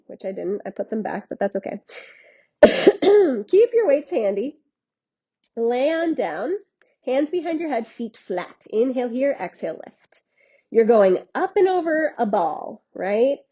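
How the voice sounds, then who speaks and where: A woman's voice: sits high, big pitch swings, unhurried, mellow, breathy edge, dull audio. A woman fitness instructor guiding a workout in a chatty, encouraging way, laughing often.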